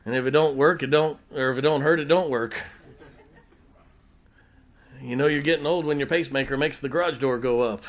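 Man, middle-aged, pastor, folksy joking sermon, punchy loud emphasis, drops to hushed asides. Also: medium pitch, brisk, long pauses, a little hiss or hum. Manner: folksy, dynamic, humorous, shifting from loud emphasis to quiet intimacy.

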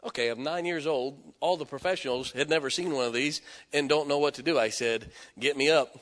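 A man preaching in a church sanctuary, his voice pitched a little high with a bright, forceful edge. He tells stories and moves between hushed lines and loud, emphatic exhortation. A long reverb hangs in the hall around him. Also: brisk. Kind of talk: sermon.

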